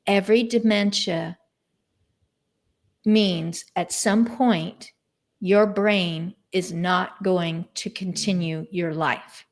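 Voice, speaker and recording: A woman's voice: on the low side, steady tone, slow pace, creaky. A woman hosting an unscripted video-call conversation, chatty and storytelling. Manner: chatty, retells stories by voicing what others said. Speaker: host. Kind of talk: casual chat on a live video stream.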